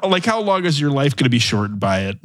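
A man's voice: mid-range voice, big pitch swings, quick pace, a bit bright. A man co-hosting a podcast, joking playfully and restarting his sentences in casual chat. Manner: laughing, playful, hesitant restarts. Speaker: podcast co-host.

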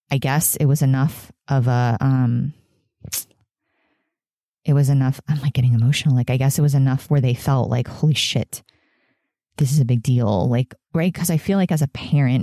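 Brief: woman in her 30s, podcast host, tearful and candid, mellow voice, dry close sound. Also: very deep voice, no echo. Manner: halting, emotional, frequent fillers and laughs. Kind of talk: candid solo podcast confession.

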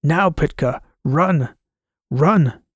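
A man's voice: fairly high pitch, level tone, normal speed, vocal fry, no echo, studio quality. A man voicing an urgent protective machine mind. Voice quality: robotic voice. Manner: urgent commands. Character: protective male machine intelligence speaking through robots. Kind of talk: audiobook character voice.

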